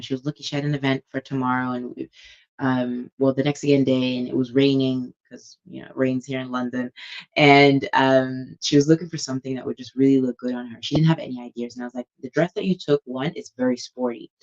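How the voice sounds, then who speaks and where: A young woman who is a vlogger and stylist chats casually to camera at home in a bass voice, rambling and enthusiastic. She comes across as chatty and warm with customers, and the recording is muffled.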